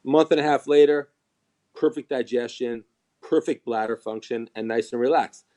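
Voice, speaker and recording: A man's voice: mid-range voice, normal speed. A man who is a chiropractor, chatting on a live stream and acting out patients' words as he tells stories. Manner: animated storyteller, acts out quoted patients. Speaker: chiropractor and seminar teacher. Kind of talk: casual live-stream chat.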